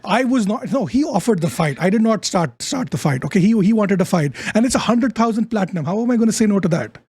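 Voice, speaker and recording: A man's voice: high voice, animated, fast, a little mellow, husky, no room sound, clean studio sound. A man, a player in a tabletop game, talking in character in a frustrated, stumbling way, swearing a lot. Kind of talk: in-character tabletop role-play.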